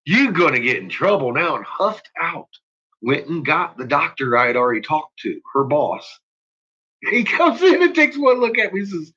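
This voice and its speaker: A vlogger with a medium-pitched, slightly rough voice and a sharp tone rants casually, swearing heavily and laughing often. The recording is dull and lo-fi.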